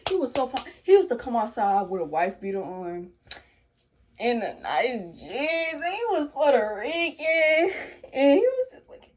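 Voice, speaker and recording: A woman's voice: measured pace, slight background noise. A young woman, casually telling a storytime and animatedly acting out quotes. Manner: animated, acts out quotes in a high voice. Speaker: vlogger.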